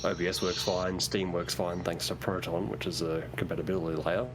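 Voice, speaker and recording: A man's voice: low-pitched, little pitch movement, fairly quick, background noise. A man chatting casually while gaming online, rambling with many fillers and restarts. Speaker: livestream co-player.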